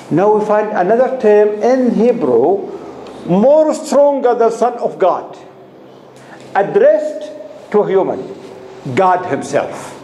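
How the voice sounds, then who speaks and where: Slow-talking man teaching a class. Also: high-pitched, warm tone. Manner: asks the class questions and repeats key terms. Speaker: instructor. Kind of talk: classroom lecture. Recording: echoey room with faint noise.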